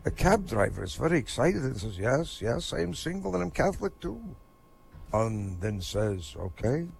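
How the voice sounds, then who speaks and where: Guy doing corny standup as a vampire, rough gravelly voice, bouncy pitch. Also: darkish tone, slight background noise. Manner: corny jokes told in a vampire persona. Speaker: stand-up comedian. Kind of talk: stand-up comedy set. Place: online voice chat room.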